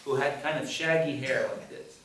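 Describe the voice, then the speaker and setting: A man with a slightly high voice speaks at a moderate pace in a steady, somewhat bright tone, with a faint hiss or hum underneath. He's a film director and teacher telling a story during a public Q&A after a screening, often restarting hesitantly. The mic sits far away in an echoey screening hall full of audience.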